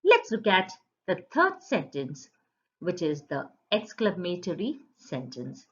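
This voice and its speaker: A woman's voice: lowish voice, huge pitch swings, slow pace, fairly bright tone. A woman teacher giving an online grammar lesson to children, in a patient, sing-song teaching voice. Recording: dull lo-fi sound.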